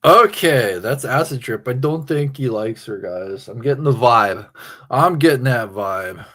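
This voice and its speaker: A man's voice: mid-range voice, lively intonation, measured pace, fairly bright tone. A man from Pennsylvania, tipsy from drinking, rambling crudely and off the cuff to his livestream chat. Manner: meandering, crude, self-interrupting.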